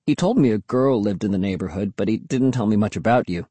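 A man's voice: fairly low pitch, fast talker, mellow, slightly rough, no room sound. A man voicing a hesitant young boy, the new kid, in an audiobook. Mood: awkward. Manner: hesitant, awkward. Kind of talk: audiobook character voice.

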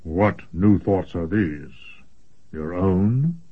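A man voicing a massive, gruff old male sorcerer who speaks in a rumbling, lecturing way. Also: expressive, drawn-out words, exaggerated voice. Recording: dull lo-fi recording.

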